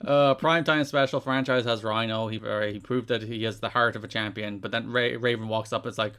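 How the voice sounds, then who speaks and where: A man's voice: fairly low pitch, steady tone, a little fast, few pauses, a bit bright, clear, resonant tone. A man co-hosting a podcast in casual chat, recapping from notes and laughing often. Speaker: podcast co-host.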